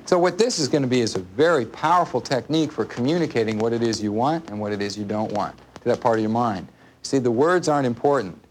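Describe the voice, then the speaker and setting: A man's voice: medium pitch, slight background noise. A man teaching a live seminar to an audience in a room, speaking casually, repeating his points and asking the listeners questions. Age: adult, parent of a small child. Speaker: workshop instructor.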